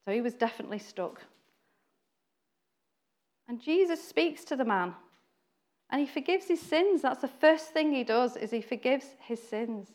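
A woman's voice: high voice, expressive, moderate pace, pauses often, darkish tone. Chatty woman preaching. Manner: chatty, acts out quoted voices, laughs often. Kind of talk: informal sermon.

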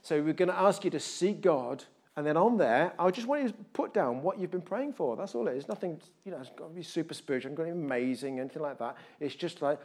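Speaking quickly on the high side with barely a pause, a male pastor preaches and runs through church announcements in a church hall. He sounds conversational, drops jokey asides, and lets his volume rise and fall.

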